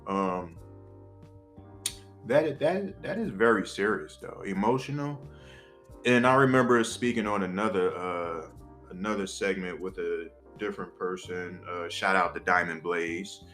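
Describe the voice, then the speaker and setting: Casting: young male podcast co-host, lowish voice, blunt and profane, shoots from the hip, faint music underneath. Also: unhurried, fairly bright tone. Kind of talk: candid casual podcast chat.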